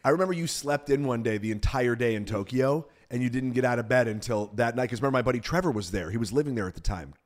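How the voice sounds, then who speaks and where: A man's voice: medium pitch, fast talker, hardly any pauses. A man hosting a podcast, teasing his guest and telling travel stories in casual chat. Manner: teasing, storytelling. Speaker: podcast host.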